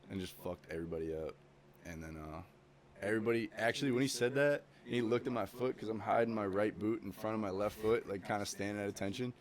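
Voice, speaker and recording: Young male podcast guest, low-pitched, loose and profane storyteller. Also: a little fast, vocal fry. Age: young adult. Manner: swears constantly, rambling with many fillers. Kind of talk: casual chat.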